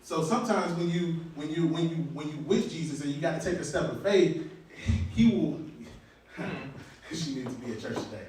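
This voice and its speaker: A man preaching in easy, colloquial talk, often stalling and repeating words before moving on. His voice sits slightly high and comes from well off the mic in a very echoey church hall. A faint hiss hangs underneath. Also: moderate pace, a little mellow, distant mic. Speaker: elder preaching. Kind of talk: sermon.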